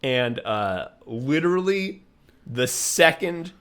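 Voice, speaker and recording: Excitable laughing man recapping a comedy. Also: mid-range voice, slow, smooth. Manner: laughs often while retelling scenes; swears casually, excitable. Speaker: podcast co-host. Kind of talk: casual comedy podcast chat.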